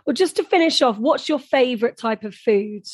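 Woman hosting a podcast, croaky from being ill, friendly and encouraging, higher voice. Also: animated, normal speed, dry recording. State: croaky, unwell voice. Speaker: podcast host. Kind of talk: casual interview chat.

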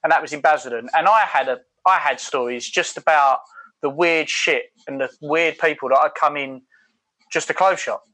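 A man's voice: fairly high pitch, normal speed, pushed and bright, low-quality recording. A man co-hosting a casual podcast, chatty and swearing, often repeating words as he starts sentences. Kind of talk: casual chat.

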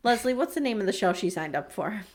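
A woman's voice: medium pitch, fast. A woman co-hosting a podcast, recapping a reality show in casual, sarcastic chat and acting out the quotes. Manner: animated, sarcastic, acts out quotes. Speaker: podcast co-host.

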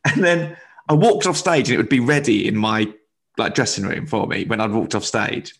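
A man's voice: mid-range voice, lively intonation, brisk. Man telling a touring anecdote. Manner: anecdotal storytelling with laughs. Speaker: stand-up comedian. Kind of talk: casual chat.

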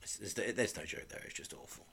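A man's voice: fairly quick, pushed and bright. A man co-hosting a casual chat, rambling and correcting himself as he goes. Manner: rambling, chatty, self-correcting. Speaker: podcast co-host.

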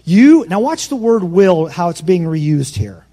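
Nervous pastor preaching, folksy and loud. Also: male voice, high voice, big pitch swings, measured pace. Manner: preaching with big swings from soft asides to loud proclamation; folksy, self-deprecating asides. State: nervous, talking fast. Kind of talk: sermon.

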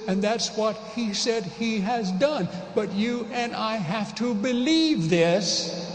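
A pastor giving a conversational sermon, emphatic and repeating his key phrases. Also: high voice. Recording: echoey hall with long reverb.

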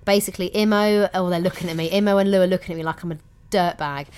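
A woman from England co-hosts a podcast with a fairly low voice. She chats casually, reacting bluntly and with animation, and she swears freely. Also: steady tone, fast talker, darkish tone, clean tone. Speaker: podcast co-host. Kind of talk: casual chat.

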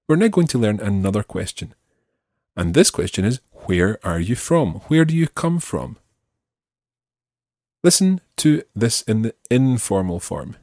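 A man gives a French language lesson with a low voice that moves a lot in pitch. He spells out and slows down model phrases carefully. The recording is dry and close. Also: sing-song, a little mellow, no room sound. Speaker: French teacher.

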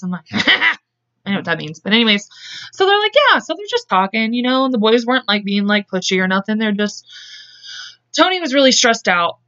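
A woman hosting a podcast, retelling a case in casual chat, acting out quotes in quick voices and speaking bluntly. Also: a little high, animated, bright, forceful tone, dull audio. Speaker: podcast host. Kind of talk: casual true-crime storytelling.

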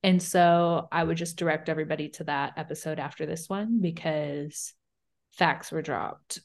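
Low in pitch with fairly even intonation, this young woman co-hosts a podcast, discussing reality TV casually. Her manner is blunt and full of swearing, and she drops quick asides.

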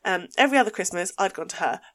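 A woman with an Essex accent, hosting a podcast and telling a story in an animated, casual way, swearing freely. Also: on the low side, very fast. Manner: animated, swears and laughs while telling stories. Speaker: podcast host.

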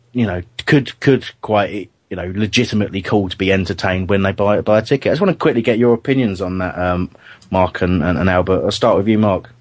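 A man hosting a relaxed football chat show, talking in a lowish voice with plenty of "um"s and false starts. His mic sounds dry and close, with no room around it. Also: dry recording. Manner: hesitant, chatty, many restarts. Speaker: podcast host. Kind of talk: casual football podcast chat.

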